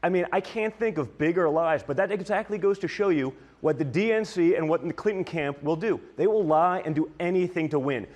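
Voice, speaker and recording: A man's voice: on the high side, darkish tone. Indignant man ranting on politics. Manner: indignant, rapid-fire accusations.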